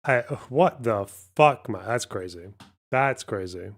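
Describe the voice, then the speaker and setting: A man's voice: lowish voice, lively intonation, slow pace. A man hosting a livestream, talking in a casual, rambling way with frequent swearing and restarts. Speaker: livestream host.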